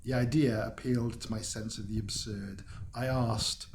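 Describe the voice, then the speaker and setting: Man reading a weird story, amused, chuckly, mellow voice. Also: on the low side, fairly even intonation, moderate pace, a little hiss or hum. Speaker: story reader. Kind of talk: reading a weird tale aloud.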